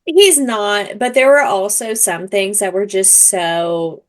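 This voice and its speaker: A woman's voice: medium pitch, slow pace. A young woman co-hosting a book podcast, casual and teasing with sarcastic asides. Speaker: podcast co-host.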